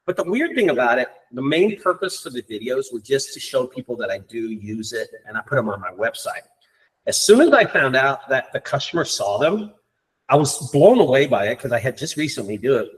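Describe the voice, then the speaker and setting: A man hosting a group meeting, talking in an excited, rambling way with many fillers. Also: mid-range voice, fairly quick. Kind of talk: casual group meeting talk.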